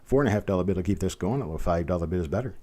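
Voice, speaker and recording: In a deep, animated and mellow voice, a man races through a live online coin auction. He calls the bids again and again and tosses friendly remarks to the bidders.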